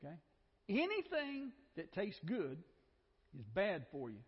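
Male Southern preacher, husky tone, animated delivery, chatty with asides; echoey, muffled church hall sound. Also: high-pitched, unhurried. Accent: Southern American. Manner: conversational, with joking asides and repeated phrases. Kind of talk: sermon.

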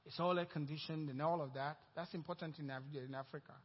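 Nigerian pastor telling a story in his sermon, high voice, echoey dull hall sound. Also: fast, slightly rough. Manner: storytelling, acting out quoted dialogue, growing louder and more excited.

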